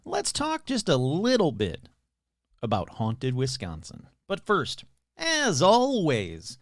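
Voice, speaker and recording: A man hosts his podcast in a loose, rambling chat, dropping the odd swear. His voice sits a little high and swoops up and down constantly. The sound is dry and close. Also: no echo. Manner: rambling, chatty, swears freely. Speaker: podcast host. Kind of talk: casual chat.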